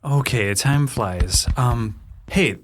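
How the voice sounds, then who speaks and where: Earnest mid-pitched male player. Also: slow, noisy background. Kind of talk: tabletop role-play.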